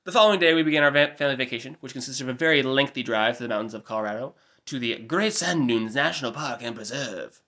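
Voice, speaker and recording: A man's voice: mid-range voice, fast talker, sharp tone. A man in his twenties with an American accent, giving a rambling, chatty life update with self-deprecating asides. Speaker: vlogger. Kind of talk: casual diary-style life update.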